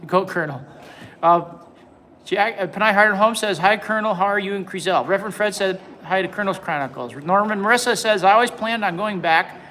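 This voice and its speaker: A man in his forties hosts a casual livestream and answers his chat. His voice sits high for a man and sounds bright and forward. He rambles, repeating words and restarting sentences as he goes. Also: brisk, slight background noise, poor audio. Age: 40s. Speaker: livestream host. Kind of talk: casual live chat reading comments.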